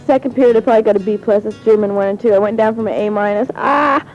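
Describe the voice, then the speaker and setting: A woman's voice: mid-range voice, very fast, a little mellow, soft background music. A teenage girl chatting and giggling as she rambles through a spoken letter recorded on cassette tape. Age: teens. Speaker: high school student. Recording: dull lo-fi 1970s home cassette.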